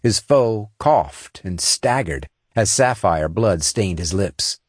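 Male audiobook narrator, very low voice, dry booth sound, steady dramatic read. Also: takes it slowly, breathy edge, no room sound. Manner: steady, dramatic action reading.

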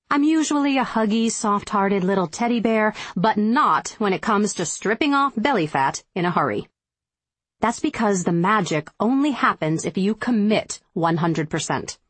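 A woman's voice: mid-range voice, animated, normal speed, husky, no room sound. Emphatic woman reading her diet book. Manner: emphatic, motivational, firm. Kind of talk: scripted audiobook narration.

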